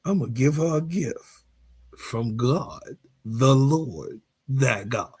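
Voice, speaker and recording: A man in his fifties ranting in a casual sports vlog, animated and heated, laughing and swearing freely. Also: medium pitch, slow, breathy edge. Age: 50s. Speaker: sports vlogger.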